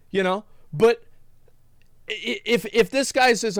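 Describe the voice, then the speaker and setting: A man's voice: high-pitched, a little slow, long pauses, no echo, studio quality. A man streaming casually, reacting to a video with exasperated rants and many restarts. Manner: exasperated, ranting, lots of restarts.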